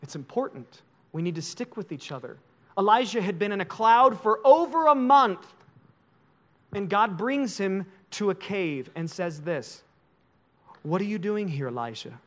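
High voiced pastor guy preaching, gets real personal, loud then real quiet. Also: very animated, a little slow. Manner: emotional and confessional, swinging loud to hushed. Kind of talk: sermon.

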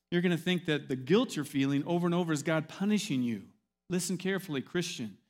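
A man's voice: a little high, darkish tone. A man preaching a sermon as pastor, emphatic and repetitive, weaving in stories.

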